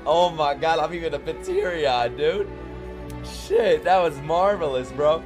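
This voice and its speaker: A man reacting to an anime episode, excitable and profane, often breaking into exclamations. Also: on the high side, unhurried, music in the background. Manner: excitable, swears a lot, exclaims. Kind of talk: casual reaction commentary. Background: anime soundtrack playing.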